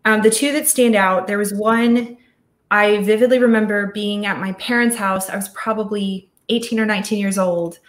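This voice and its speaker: A middle-aged woman talks casually about her work on a video call, thoughtful and chatty, often restarting her sentences. Her voice sits at an ordinary pitch, and the room around her sounds echoey. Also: fairly even intonation, moderate pace. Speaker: audio studio founder, guest speaker. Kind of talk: casual virtual talk.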